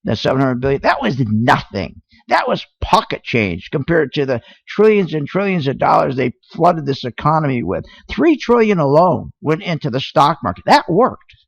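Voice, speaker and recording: Indignant male radio host, gravelly and animated. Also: fairly high pitch, moderate pace, hardly any pauses, no echo. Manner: indignant, rhetorical, exclamatory. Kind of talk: opinionated radio talk on markets. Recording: dull lo-fi radio sound.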